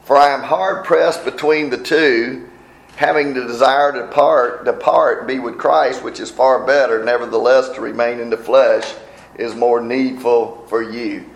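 A man preaching a sermon in a conversational way, asking the listeners questions and reading scripture aloud slowly. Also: mid-range voice, steady tone, gravelly. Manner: conversational, asks the congregation questions. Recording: echoey room.

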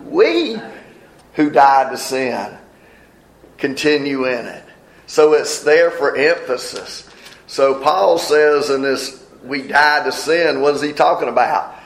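A man's voice: mid-range voice, roomy sound, low-quality recording. A man preaching a sermon in a folksy manner, explaining scripture verse by verse. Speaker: pastor.

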